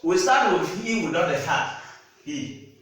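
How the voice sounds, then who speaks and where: A man's voice: a little high, animated, slow pace, fairly bright tone. A man teaching French pronunciation, speaking patiently and repeating words to check the student understands. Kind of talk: slow classroom-style teaching. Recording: echoey room, distant mic.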